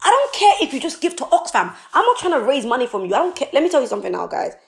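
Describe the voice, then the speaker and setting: A woman's voice: sits high, big pitch swings, racing, gravelly, faint music behind. A woman giving a passionate, preachy motivational talk on a live stream, pleading with her listeners. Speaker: motivational speaker. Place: indoors, streaming.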